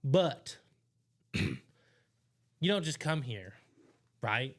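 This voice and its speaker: A man co-hosting a live stream, energetically pitching to viewers in casual chat. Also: big pitch swings, extremely slow.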